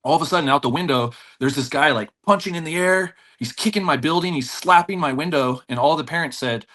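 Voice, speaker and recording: A man talking on a podcast about martial arts and fights he has faced. He gets animated and laughs as he goes, and his voice jumps high when he acts out the people in his stories. His pitch sits in the middle for a man. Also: brisk, few pauses. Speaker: jiu-jitsu black belt and gym owner, podcast guest. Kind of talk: storytelling in a podcast interview.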